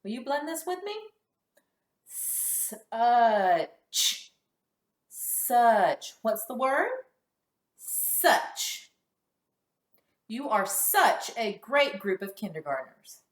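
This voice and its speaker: A woman teaching a kindergarten phonics lesson, sounding out letters slowly and cheering the children on. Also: on the high side, echoey room. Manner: slow, exaggerated sound-by-sound modeling with lively praise.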